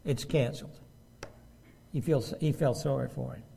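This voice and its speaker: A man's voice: medium pitch, normal speed, vocal fry, dark tone, a little hiss or hum. A man preaching a sermon, reading scripture aloud and stopping to ask his listeners emphatic rhetorical questions. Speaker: pastor.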